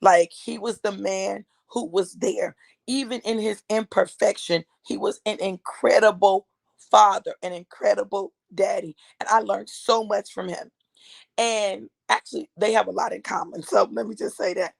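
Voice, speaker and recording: A woman's voice: mid-range voice, fairly even intonation, normal speed, gravelly, no room sound. A woman in her fifties, an author and speaker, telling a personal story to her viewers in an emphatic, chatty way and calling them y'all. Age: 50s.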